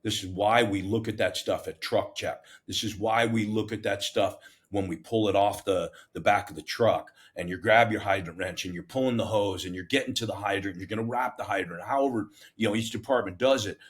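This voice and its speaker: Low-voiced man telling a story. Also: a little fast, few pauses. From United States. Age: middle-aged. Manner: animated, self-mocking, plain-spoken with many restarts. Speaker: fire captain, guest. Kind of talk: casual interview storytelling.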